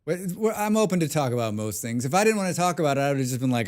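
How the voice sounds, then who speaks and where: A man's voice: on the high side, animated, rapid-fire. Rambling man chatting on a game stream. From abroad, lives outside his birth country. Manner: rambling, thinking aloud with many restarts; blunt, swears casually. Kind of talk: casual live-stream chat while gaming.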